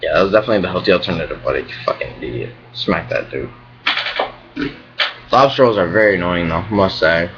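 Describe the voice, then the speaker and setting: Young male vlogger, low voice, profane rambling rants; dull lo-fi recording with light hiss. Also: animated, brisk. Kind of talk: casual rambling vlog.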